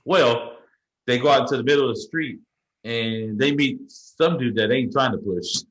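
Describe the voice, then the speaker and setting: A man's voice: medium pitch, moderate pace, highs cut off. A young adult man, a podcast co-host, telling a story in casual chat, rambling and swearing freely. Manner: profane, rambling, animated retelling.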